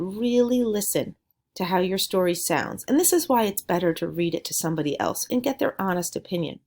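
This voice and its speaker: A woman teaching a writing lesson, speaking slowly and deliberately in an encouraging way. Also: mid-range voice, a little mellow. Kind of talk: recorded classroom lesson.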